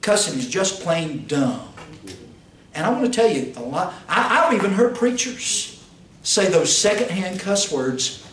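Fiery high-voiced preacher. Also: male voice, sing-song, unhurried. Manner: rhetorical questions, pitch swings, rises to shouts. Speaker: pastor teaching a Bible institute class. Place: church classroom. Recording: roomy, distant mic, faint hiss.

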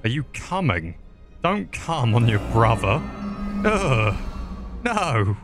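A man's voice: medium pitch, big pitch swings, measured pace, over music. A man with a British accent, giving crude, joking commentary as he plays a video game into a desk microphone. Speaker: gaming channel host. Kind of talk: casual gameplay commentary.

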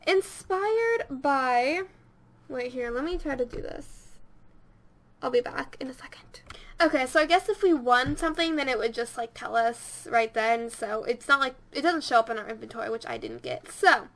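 A woman's voice: high-pitched, fairly bright tone. A young woman giving rambling, casual commentary over her video game and talking to her characters. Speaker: let's play host.

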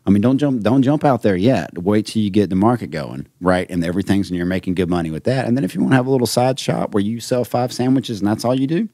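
A man's voice: on the low side, animated, fast, few pauses, mellow, dry recording. A man from Mississippi, a chef and guitarist, chatting casually on a podcast and telling rambling stories. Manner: rambling storyteller, quotes others. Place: podcast studio.

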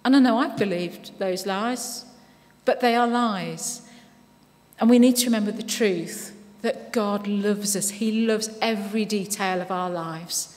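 A woman giving a sermon in a church, speaking conversationally and reading scripture slowly and with care. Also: mid-range voice. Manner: warm conversational preaching with frequent "you know"; reads scripture slowly and deliberately. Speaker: preacher. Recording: long reverb of a church hall.

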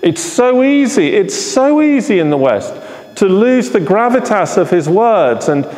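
A man's voice: high-pitched, sing-song, unhurried, darkish tone. A man preaching an earnest, emphatic sermon at a live church service, often repeating phrases for emphasis. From England. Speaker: pastor. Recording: live hall with long reverb.

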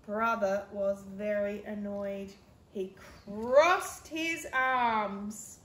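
A woman reading her own picture book aloud to children in a gentle, explaining manner. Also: medium pitch, steady tone, drawn-out words, roomy sound. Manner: gentle, explaining to young kids. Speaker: teacher.

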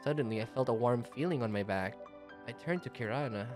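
A man reading a visual novel aloud as a shy, anxious teenage schoolgirl narrator, speaking softly and hesitantly. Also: mid-range voice, a little fast, over music, natural voice. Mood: dejected. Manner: soft, hesitant, self-doubting.

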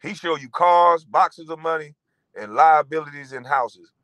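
A man in his forties ranting in a profane monologue, animated and mocking, breaking into laughter. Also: on the high side, unhurried, no room sound, low-quality recording. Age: 40s. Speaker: vlogger.

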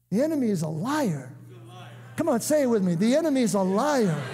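An older man preaching a sermon, emphatic, breaking into shouts and calling on the congregation to answer. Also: extremely high pitch, sing-song, fairly quick, husky. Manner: emphatic, bursts into shouts and calls for response. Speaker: guest preacher. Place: church sanctuary. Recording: echoey church hall.

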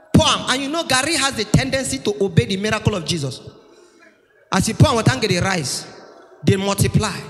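Shouting punchlines and playing the parts of his relatives, a high-pitched Nigerian-accented man tells animated comic stories in Pidgin-laced English. It's a stand-up set on the stage of a large church hall. Long reverb fills the live room, and faint music plays underneath.

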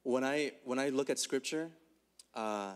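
A man's voice: mid-range voice, measured pace, clean tone. A man pastor with a mid-range voice talks reflectively in a church. He speaks in conversational sermon dialogue and restarts his phrases now and then.

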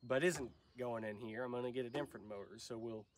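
A man's voice: medium pitch, fast talker. Nasal young man with a cold. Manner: rambling, unscripted, many fillers. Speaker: channel host. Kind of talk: casual vlog talk.

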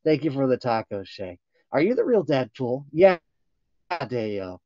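A man's voice: mid-range voice, very animated, a little slow, dark tone, no room sound. A man hosting a playful livestream in a costume persona, joking around and reading viewer comments aloud. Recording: dull lo-fi livestream audio.

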